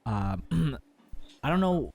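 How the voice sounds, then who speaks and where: A man's voice: medium pitch, sing-song, extremely slow, gravelly, a little mellow. A young man co-hosting a casual podcast chat, rambling with lots of fillers and easy laughs. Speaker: podcast co-host.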